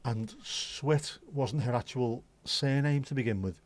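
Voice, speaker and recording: A man's voice: mid-range voice, unhurried. Chatty man hosting a livestream. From Liverpool, England. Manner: chatty, sweary, rambling banter. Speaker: livestream host. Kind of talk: casual chat reading viewer comments.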